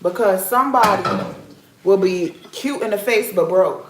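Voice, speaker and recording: A woman's voice: medium pitch, normal speed, a little hiss or hum. A woman vlog host giving blunt, repetitive life advice in a casual talk to camera at home. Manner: emphatic, repetitive, preachy. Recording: roomy echoey room.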